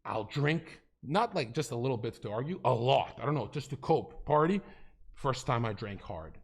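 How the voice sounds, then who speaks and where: Male streamer, mid pitch, lively melodic swings, profane storyteller who drops to a mutter and then shouts. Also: normal speed, slightly rough. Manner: animated, profanity-heavy storytelling that swings between hushed and loud. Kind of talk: casual heated debate chat.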